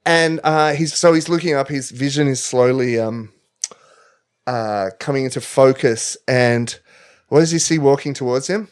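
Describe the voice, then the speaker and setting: A man co-hosting a comedy podcast, spinning a silly story with plenty of ums and restarts. His pitch sits in the middle and his delivery is loose and playful. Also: normal speed, smooth. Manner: rambling, jokey, many fillers and restarts. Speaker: podcast co-host. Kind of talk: comic storytelling chat.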